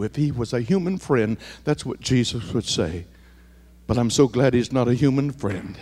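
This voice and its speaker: A male pastor preaching a sermon, dropping to near whispers and building to shouted, repeated refrains. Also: mid-range voice, expressive, normal speed, long reverb tail. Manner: swings from hushed to shouted, repetitive preaching cadence.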